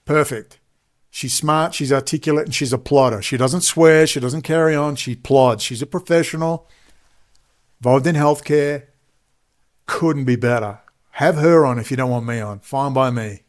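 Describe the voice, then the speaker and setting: An Australian man delivering a combative, sarcastic ranting monologue to camera, talking loudly. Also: mid-range voice, moderate pace. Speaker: online commentator.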